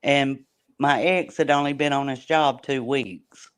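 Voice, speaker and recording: A woman's voice: a bass voice, fairly even intonation, a little slow, clean tone. A middle-aged woman joins a casual panel conversation. She talks about herself with easy self-mockery, and laughter keeps slipping into what she says. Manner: self-deprecating, laughs often. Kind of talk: casual chat.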